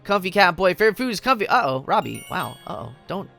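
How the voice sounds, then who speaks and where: A man's voice: sits high, very animated, quick pace, gravelly, pushed and bright, soft background music. A young man live-streaming a game, playful and giggly, chatting with his viewers.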